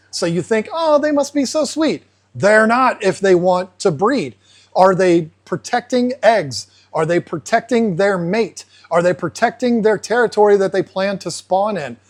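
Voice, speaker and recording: A man hosting an aquarium channel, explaining casually and acting out fish in playful asides. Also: sits high. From United States. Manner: animated, acts out fish voices in asides.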